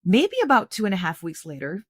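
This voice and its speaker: A middle-aged woman from Canada recounts a personal story as a podcast guest, speaking in a slightly low voice. Her telling is earnest and animated, full of restarts. The sound is dry and close. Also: fairly quick, slightly rough, dry recording. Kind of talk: conversational storytelling.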